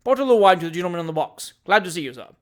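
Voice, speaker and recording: A reader voicing a jolly old country gentleman who barks hearty orders at a picnic, in an audiobook of a classic novel. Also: medium pitch, animated, natural voice. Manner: hearty, loud, giving brisk orders.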